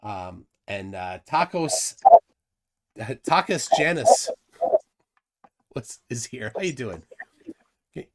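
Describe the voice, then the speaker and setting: A man's voice: mid-range voice, very animated, extremely slow, pauses often. A man hosting a live stream in casual chat, rambling with many restarts and fillers. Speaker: livestream host.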